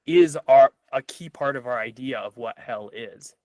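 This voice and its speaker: A man on a casual podcast, telling a story with lively delivery and plenty of fillers. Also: medium pitch, slow pace, dry recording, poor audio. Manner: animated storyteller with frequent fillers. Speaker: podcast guest or host.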